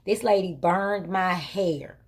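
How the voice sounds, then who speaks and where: A woman's voice: fairly low pitch, slow pace, slightly rough. Emphatic colloquial woman telling a story. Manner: emphatic, repetitive retelling with lively quoted exchanges; colloquial, vernacular grammar. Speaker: vlog host. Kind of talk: casual storytelling to camera.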